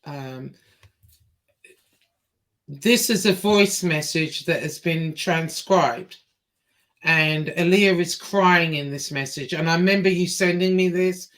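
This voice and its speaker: A woman hosting a livestream, talking in a halting way with many pauses and fillers as she reads messages aloud. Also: lowish voice, fairly bright tone. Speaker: show host. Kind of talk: livestream interview.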